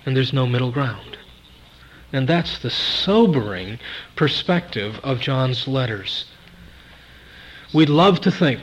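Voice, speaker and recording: A man's voice: medium pitch, animated, slow, pauses often, a little hiss or hum. Emphatic preacher, a man, on lo-fi tape. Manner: emphatic, repeats key words, swings between loud and soft. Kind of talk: sermon.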